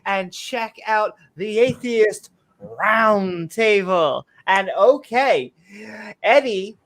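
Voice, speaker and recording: Laid-back host on a stream, talks slow, cracks dad jokes. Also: mid-range voice, lively intonation, a bit bright. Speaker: show host. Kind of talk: casual livestream hosting.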